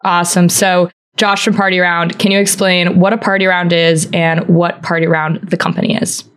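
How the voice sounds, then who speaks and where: A woman's voice: lowish voice, level tone, moderate pace, fairly bright tone, smooth. A woman producer hosting a podcast segment, upbeat and friendly as she introduces and interviews a guest.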